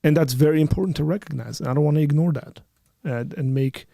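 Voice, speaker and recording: Man, co-host, emphatic casual live-stream chat, higher voice, dry sound. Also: fast talker, creaky, warm tone, no room sound.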